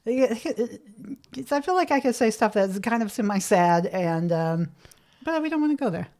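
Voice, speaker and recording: A woman's voice: a little high, expressive, unhurried, mellow. A woman co-hosting a casual podcast chat, playful and teasing, sometimes hesitant. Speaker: podcast co-host.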